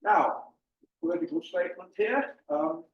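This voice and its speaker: Filling pauses with ums, an older presenter walks an audience through his slides in a loose, jokey, chatty manner. His slightly high voice has lively intonation. Recorded from a distance in a meeting room, the audio echoes and sounds muffled.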